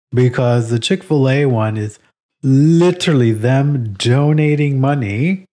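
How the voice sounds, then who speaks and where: Laughing, animated male podcast co-host. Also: medium pitch. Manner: animated, laughs often, swears casually. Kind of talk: casual podcast chat.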